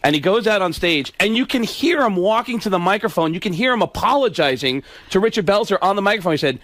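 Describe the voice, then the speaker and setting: A man's voice: high voice, animated, fast talker, hardly any pauses, fairly bright tone, no room sound. A male comedian telling stories in a casual radio chat, rambling and laughing between lines. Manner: rambling, storytelling, frequent restarts and laughs. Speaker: comedian guest.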